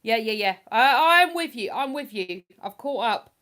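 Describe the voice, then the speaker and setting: A woman's voice: fairly high pitch, lively intonation, moderate pace, fairly bright tone. A woman hosting a casual livestream, chatting to her viewers and reading their comments aloud in a rambling, self-deprecating way. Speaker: livestream host reading chat. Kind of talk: casual live chat.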